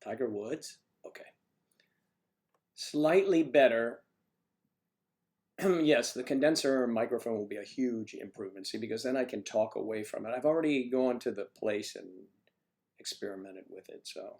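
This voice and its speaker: A man's voice: medium pitch, moderate pace, a little mellow. A man hosting a casual livestream from home, nursing a cough as he rambles and jokes with his viewers. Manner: rambling, chatty, joking with the chat. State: has a cough. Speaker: livestream host. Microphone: microphone on a stand he keeps adjusting.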